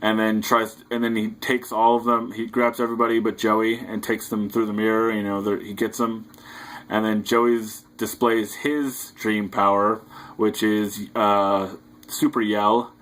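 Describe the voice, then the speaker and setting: Young male reviewer, low monotone, hesitant rambling recap. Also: a little slow, low-quality recording. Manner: hesitant, loose retelling full of fillers. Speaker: movie reviewer. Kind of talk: casual rambling film recap.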